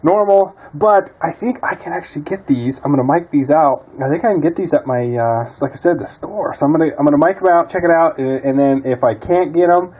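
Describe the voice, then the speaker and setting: A man's voice: on the high side, a little fast, few pauses, darkish tone. A man talking casually while repairing a quad in his garage, muttering and cursing often. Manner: profane, frustrated muttering. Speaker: DIY mechanic vlogger.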